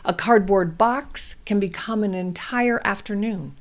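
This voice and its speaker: A woman hosting a parenting show, giving calm, deliberate instructional advice to parents. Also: mid-range voice. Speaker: parenting host.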